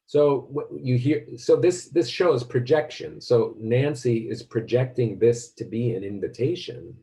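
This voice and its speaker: A man's voice: mid-range voice, measured pace, dark tone. A man lecturing a class, thinking aloud and often restarting his sentences.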